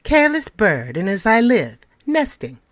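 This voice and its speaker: A woman's voice: medium pitch, very animated, measured pace, voice pushed up. A woman voicing a polite, affable male magic-shop conjurer in a storybook reading, courteous and showy. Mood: chiding.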